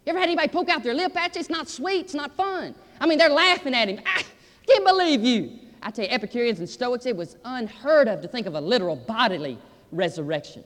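A man delivers a sermon in a notably high voice, driving his points home with emphatic repetition. His words carry a long reverb, as if spoken in a large church hall. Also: lively intonation, fast talker, fairly bright tone. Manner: emphatic, repeats "I'm telling you". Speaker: preacher.

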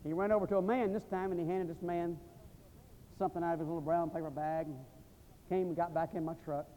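An American man preaching at a seminary chapel, telling a mission story and praying with emphatic swings from loud to hushed. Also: fairly high pitch, level tone, fast talker, muffled recording, a little hiss or hum. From United States. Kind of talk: sermon with storytelling and prayer. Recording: long reverb of a large hall.

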